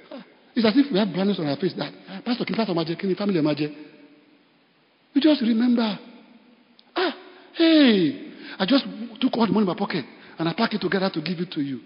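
Nigerian pastor preaching in a hall. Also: male voice, sits high, racing. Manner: storytelling, animated, bursts of laughter. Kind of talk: sermon. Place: church. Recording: dull sound in a reverberant hall.

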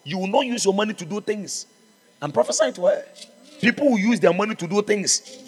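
A man's voice: high voice, animated, a little fast, slightly rough, long reverb tail. A man preaching a sermon as pastor, fervent and exhorting, calling out to his congregation. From Ghana.

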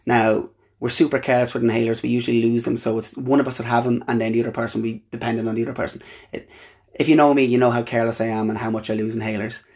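A young Irish man hosting a podcast, telling a personal story in an earnest, halting way with frequent restarts. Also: mid-range voice, flat delivery, a little mellow, breathy edge. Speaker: podcast host.

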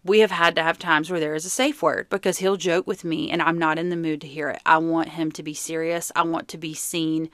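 A woman's voice: low voice, fairly even intonation, a little fast, few pauses, fairly bright tone, dry recording, clean studio sound. A young woman hosting a podcast, giving earnest, chatty relationship advice. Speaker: podcast host. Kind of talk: casual advice talk.

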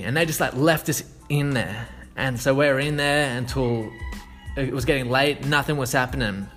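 A man's voice: medium pitch, normal speed, fairly bright tone, soft background music. A man telling a story in a loose, rambling way, swearing freely, with many fillers and restarts. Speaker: sales consultant. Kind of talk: casual storytelling.

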